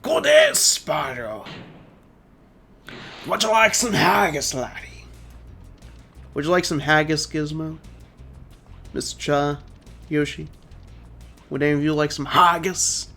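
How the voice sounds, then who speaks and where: A man doing a jolly Scottish fellow pushing haggis on everyone. The brogue is hammy and stretched out, pitched a little high, with faint music behind. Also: level tone, sharp tone. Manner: hammy, drawn-out playful brogue.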